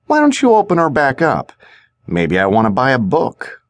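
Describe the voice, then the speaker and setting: A man's voice: medium pitch, wildly swooping pitch, moderate pace, no echo, voice pushed up. A man voicing a short, cocky male thug who taunts his victim with a gun. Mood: taunting. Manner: taunting, mocking.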